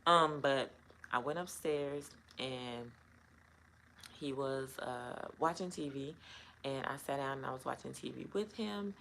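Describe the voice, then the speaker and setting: A woman's voice: very deep voice, unhurried, gravelly, fairly bright tone, a little hiss or hum, rough recording. A middle-aged woman telling a personal story to camera in a casual, rambling way, full of "um" and "like". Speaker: vlogger.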